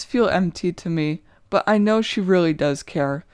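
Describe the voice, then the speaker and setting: A woman's voice: fairly low pitch, moderate pace, hardly any pauses, darkish tone, smooth, no room sound, clean studio sound. A young woman reading her own short story aloud in the first person, with an earnest, emotional, inward delivery.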